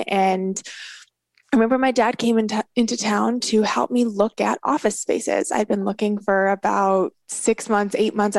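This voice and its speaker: A woman's voice: medium pitch, no room sound. A woman in her thirties giving a candid, earnest motivational talk as a business coach. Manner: candid and earnest, with bursts of laughter and animated quoted reactions.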